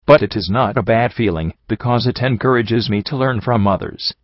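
A man voicing a gentle, wise female zebra storyteller, a mother, in a measured, formal, gently teasing way, in a fan audiobook reading. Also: medium pitch, no room sound, lightly acted. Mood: thoughtful. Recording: dry, slightly muffled lo-fi recording.

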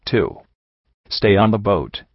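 Blunt mare riverboat captain, read by a man: low, bossy, dry lo-fi sound. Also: slow pace, slightly rough, dry recording. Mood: stern. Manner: blunt, laying down rules. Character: tough female pony riverboat captain, bossy. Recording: dull lo-fi dry recording.

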